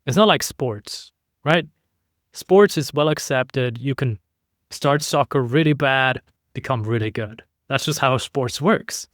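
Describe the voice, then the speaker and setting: A man talking as a podcast guest in a relaxed, conversational way, acting out his points by shifting his voice up and down. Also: mid-range voice, a little slow, dry recording, studio quality. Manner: animated, demonstrates inflection by playing with his voice. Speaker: podcast guest, keynote speaker.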